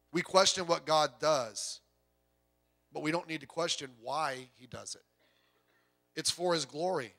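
A male pastor delivers a sermon with a high-pitched, bright and forceful voice. He talks conversationally, asks the congregation rhetorical questions and drops in joking asides. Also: measured pace, pauses often.

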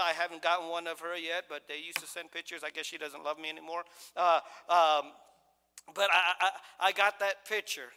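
Middle-aged male preacher, high bright voice, loose and joking, restarts often, heard in a reverberant church. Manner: conversational, jokey, with many restarts and acted-out quotes. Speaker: pastor. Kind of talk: sermon. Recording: long hall reverb.

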